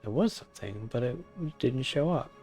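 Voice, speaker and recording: A man's voice: mid-range voice, expressive, moderate pace, darkish tone, soft background music. A man streaming a game, musing aloud in casual asides and correcting himself. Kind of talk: casual gameplay commentary.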